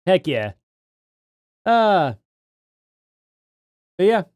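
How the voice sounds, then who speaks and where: A man's voice: sits high, big pitch swings, extremely slow, darkish tone, clear, resonant tone, no echo, clean studio sound. A man hosting a casual live stream, rambling and thinking aloud as he reads names from chat.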